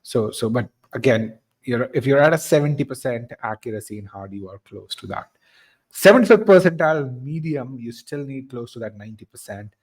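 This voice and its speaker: Man, webinar instructor, mid-pitched voice, explanatory, stumbling restarts, answers audience comments. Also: expressive, brisk, husky. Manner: explanatory, many restarts and repeated words. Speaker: test prep instructor. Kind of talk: live webinar teaching.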